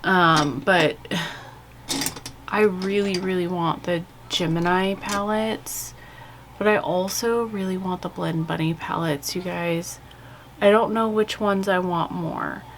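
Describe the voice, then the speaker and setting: A woman chatting at an unhurried pace as she does her makeup for a home vlog. Her voice sits a little low, and her talk is candid and rambling. A faint hum of noise runs underneath. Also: steady tone. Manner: chatty, rambling, candid, frequent "like" and "you guys". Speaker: beauty vlogger. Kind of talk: casual chat while doing makeup. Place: home with kids' video playing behind.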